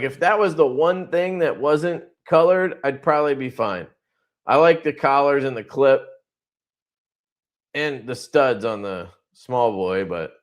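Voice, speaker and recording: Rambling, swearing man on a livestream. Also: mid-range voice. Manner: rambling, profane, laughs often. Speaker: livestream host. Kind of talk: casual livestream chat.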